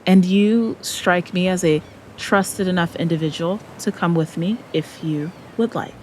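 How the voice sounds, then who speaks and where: A woman's voice: fairly low pitch, measured pace, a little mellow, slight background noise. A woman player in a tabletop role-playing game, speaking earnestly in and out of character.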